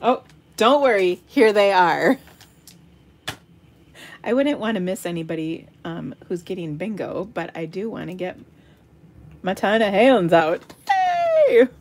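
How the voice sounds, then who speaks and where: A woman's voice: lowish voice, a little slow, long pauses. A middle-aged woman hosting an online craft game night, calling bingo numbers in a giggly, playful way and breaking into silly singing. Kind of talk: casual live-stream chat calling bingo. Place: home craft room.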